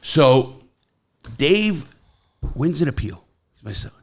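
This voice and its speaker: A middle-aged man hosting a podcast, telling stories in casual chat and jumping to loud, high quotes. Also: slow pace. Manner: animated storyteller, jumps to loud high quoting. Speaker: podcast host.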